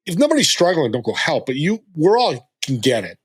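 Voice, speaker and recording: Slightly high and sing-song with a breathy edge, this man's voice moves fairly quickly. He's in his sixties, a fellow show host guesting on a podcast, and in casual interview chat he earnestly motivates listeners to act.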